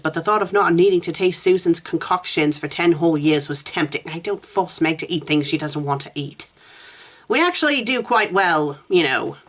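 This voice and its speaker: A woman's voice: sits low, a bit bright. A woman reviewing fanfiction, reading a story aloud with dry, sarcastic asides and putting on a haughty posh voice for the wife.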